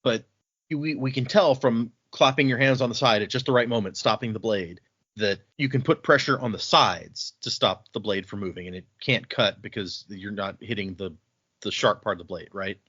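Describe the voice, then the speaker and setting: A man's voice: on the low side, normal speed, a bit bright, slightly rough, dry recording. A man hosting a casual book podcast, recapping chapters in a chatty way with many fillers. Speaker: podcast host. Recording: dull dry audio.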